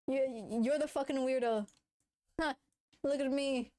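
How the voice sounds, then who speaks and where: Giggly high-voiced woman streamer. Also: steady tone, a little slow, long pauses, warm tone. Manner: giggly, laughs often, swears casually. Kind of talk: casual chat reading viewer messages.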